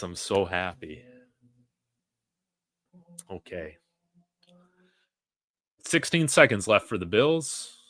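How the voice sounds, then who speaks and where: Man, live fan play-by-play, bright forceful voice, unhurried pace, dry close mic. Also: fairly low pitch, no room sound. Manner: excitable, shouts on big plays, reads chat aloud. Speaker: fan watch-along commentator. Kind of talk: live play-by-play reaction stream.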